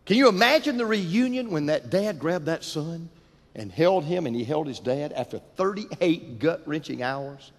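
A man preaching a sermon, telling a story dramatically, building intensity and dropping to hushed tones, in a church. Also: fairly high pitch, expressive, normal speed. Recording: long hall reverb.

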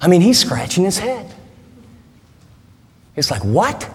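A man's voice: sits high, sing-song, slow pace. A male pastor preaching a sermon in an emphatic, conversational way, often posing rhetorical questions, recorded with the long reverb of a large hall.

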